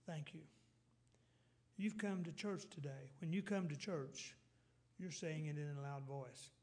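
Folksy preacher man, higher voice. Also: darkish tone. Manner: plain, folksy preaching with halting restarts. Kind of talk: sermon.

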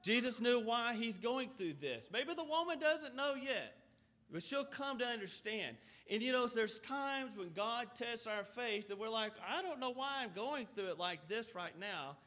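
A man's voice: extremely high pitch, animated, unhurried, bright, forceful tone. A man preaching a sermon, reading scripture aloud and explaining it earnestly, with runs of rhetorical questions. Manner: reads scripture aloud and then explains it in plain talk.

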